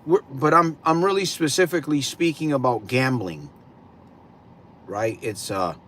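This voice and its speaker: A man hosting a live stream, greeting viewers and slowly posing reflective questions to them. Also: mid-range voice, fairly bright tone, slight background noise. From California. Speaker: livestream host.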